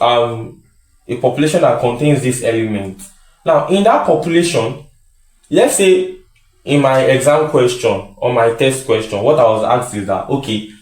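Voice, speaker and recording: Man lecturing with repeated questions. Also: mid-range voice. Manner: repeats key phrases, asks and answers his own questions. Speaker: statistics tutor. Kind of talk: classroom lecture. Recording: echoey room.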